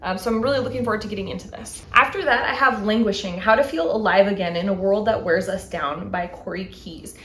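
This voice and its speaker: A woman in her thirties hosts a book haul vlog for her book channel, her medium-pitched voice a bit bright. The sound is roomy with slight background noise. She chats eagerly and enthusiastically about each new book, reading the back covers aloud.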